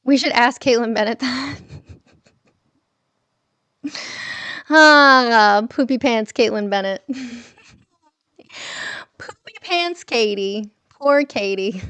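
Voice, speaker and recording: Woman, livestream host, casual chat, laughs often, smooth voice, dry close sound. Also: a little high, expressive, takes it slowly, pauses often, fairly bright tone, no echo. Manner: chatty, laughs often, reads chat aloud.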